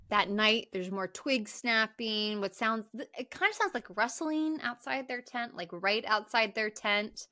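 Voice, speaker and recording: A woman co-hosting a podcast, recapping a film in an animated, profane, casual way. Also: medium pitch. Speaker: podcast co-host. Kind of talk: casual movie recap chat.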